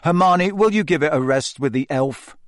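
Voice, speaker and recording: A man voicing a blunt, irritable teenage boy wizard in a storybook reading, loud and incredulous. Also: on the high side, normal speed, no room sound, clean studio sound, pitched above the performer's own voice, natural voice.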